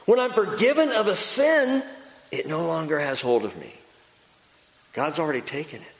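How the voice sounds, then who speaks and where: Male pastor, lively emphatic preaching, long hall reverb, repeats key lines. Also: on the high side, moderate pace. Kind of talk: sermon.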